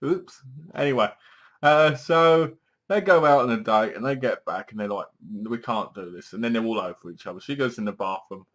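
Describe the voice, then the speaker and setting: A man's voice: medium pitch, brisk, a bit bright. Chatty man reviewing horror films. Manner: rambling, chatty, leans on filler words and restarts. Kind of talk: casual spoken film review.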